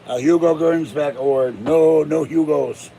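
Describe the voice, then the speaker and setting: A man's voice: fairly high pitch, steady tone, a little slow, gravelly, slight background noise. A man hosting his own vlog in a rambling, jokey, casual way. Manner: rambling, jokey, breaks into growled pirate shouts. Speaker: channel host.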